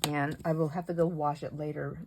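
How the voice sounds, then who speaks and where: Chatty middle-aged woman, slightly low voice, casual and giggly. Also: level tone, brisk, gravelly, background noise. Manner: rambling, chatty, laughs often. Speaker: craft vlogger. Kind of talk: casual craft chat while painting.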